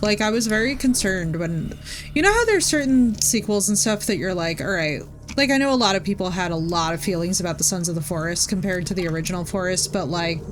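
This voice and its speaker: A woman from New Jersey chatting with her viewers by name during a live gaming stream. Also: lowish voice. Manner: chatty, talks to chat by name.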